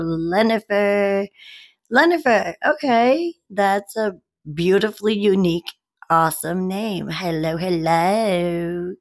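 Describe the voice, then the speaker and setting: A young woman hosting a casual livestream from home, greeting viewers by name with slow, drawn-out, giggly chatter into her phone. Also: mid-range voice. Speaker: livestream host.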